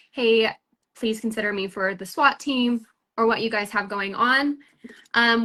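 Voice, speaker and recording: A woman's voice: on the high side, bright, forceful tone. A woman hosting a casual recruiting chat for a sales team, upbeat and rambling, full of fillers and restarts.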